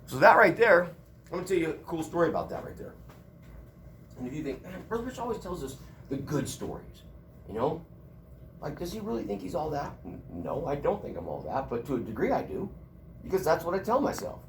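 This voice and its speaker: A man's voice: a little high, sing-song, fairly quick, creaky, a little hiss or hum. A middle-aged man teaching a college class in a casual, joking storytelling manner. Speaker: college instructor.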